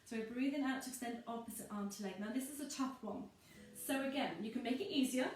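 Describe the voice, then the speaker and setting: A woman leading a pilates workout, giving calm, encouraging cues timed to the breath. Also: fairly high pitch, fast, a little hiss or hum. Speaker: pilates instructor. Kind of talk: guided workout instruction. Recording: echoey room from far off with music.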